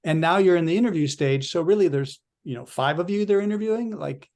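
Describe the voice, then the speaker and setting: A male coach telling an animated story in a casual podcast chat, with frequent restarts. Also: a little high, quick pace.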